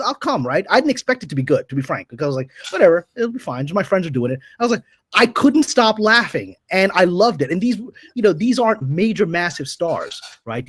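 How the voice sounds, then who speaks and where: A man's voice: high voice, breathy edge, no room sound. A man, a guest on a podcast, lecturing in a provocative, opinionated way. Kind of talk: casual podcast chat.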